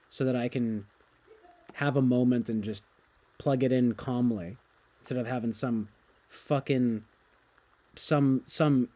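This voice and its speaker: A young man talks loosely on his stream, wandering from thought to thought and swearing freely. He laughs often. His voice sits at a middling pitch. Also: warm tone. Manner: profane, rambling, laughs often, mimics others. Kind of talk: casual rambling chat.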